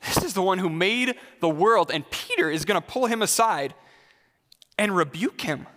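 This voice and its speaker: Bright-voiced male pastor preaching. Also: high voice, big pitch swings, moderate pace, in a large hall. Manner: conversational, questions the congregation directly. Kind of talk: sermon.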